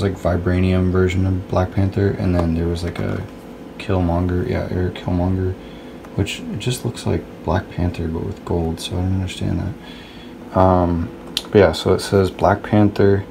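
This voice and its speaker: A man hosting a casual toy review in a hushed early-morning voice, keeping quiet because someone is asleep nearby. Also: low-pitched, vocal fry. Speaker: host. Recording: noisy home recording.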